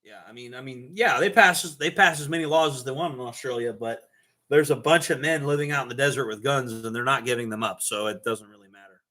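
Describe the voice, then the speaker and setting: A man's voice: mid-range voice, fast, pushed and bright. A man hosting a casual, rambling monologue, with plenty of restarts and fillers. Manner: rambling, many fillers and restarts, laughs at own jokes. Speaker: host.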